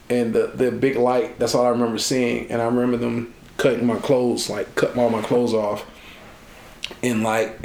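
A man tells a personal story as an interview guest, his voice gravelly and held in a narrow pitch range. He acts out the people in his story. The recording has an echoey room sound. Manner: animated storyteller, acting out quoted voices.

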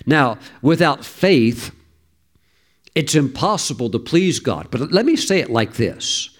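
A man's voice: medium pitch, big pitch swings, slow pace. A man preaching a sermon in an emphatic way, repeating key lines for stress.

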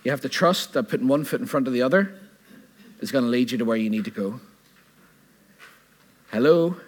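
A man with a husky, slightly breathy voice delivers a sermon. He talks earnestly and conversationally, often turning to the congregation with questions. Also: mid-range voice, fast talker. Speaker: preacher.

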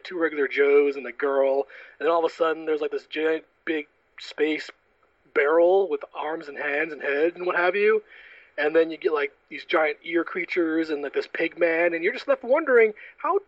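A man co-hosting a casual podcast chat, rambling and animated, peppering his talk with fillers. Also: a little high, dry recording. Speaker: podcast co-host. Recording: dull dry lo-fi mic.

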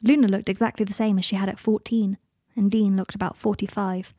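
A woman narrating a fan-fiction story in an even, steady storytelling manner. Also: mid-range voice, brisk, dry recording, studio quality. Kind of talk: audiobook narration.

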